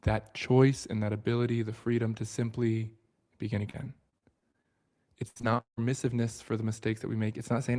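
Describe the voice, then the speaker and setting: A man hosting a book study livestream, with a mellow, warm tone. He talks earnestly and reflectively and often sinks into a hushed, quiet delivery. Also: level tone, fairly quick. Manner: earnest and reflective, often drops to a soft low voice.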